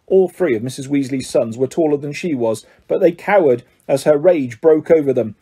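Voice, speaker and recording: A man reading a children's fantasy story aloud, narrating in a steady, measured way. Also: a little high, slightly rough. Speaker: audiobook reader.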